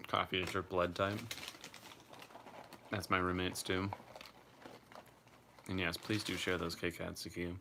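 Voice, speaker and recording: A man's voice: low-pitched, flat delivery, takes it slowly, pauses often, sharp tone, a little hiss or hum. A young man casually chatting on a live stream, reading out viewer comments and swearing freely.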